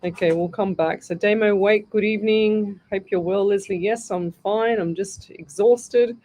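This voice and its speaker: A woman's voice: mid-range voice, steady tone, measured pace, mellow, a little hiss or hum. A middle-aged Australian woman hosting a live call-in radio show as a psychic medium, chatty and greeting listeners by name as she thinks aloud.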